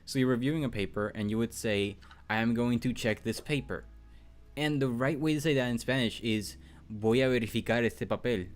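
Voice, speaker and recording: A man's voice: medium pitch, soft background music. Laughing man hosting a chat. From Puerto Rico. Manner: laughs often, quick friendly banter. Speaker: show host. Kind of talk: casual group call chat.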